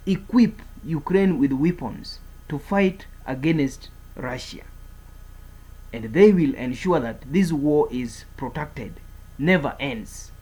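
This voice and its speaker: A man's voice: on the high side, a little mellow, husky, poor audio. A man giving a political commentary monologue, speaking in an emphatic, repetitive way as he declares and warns.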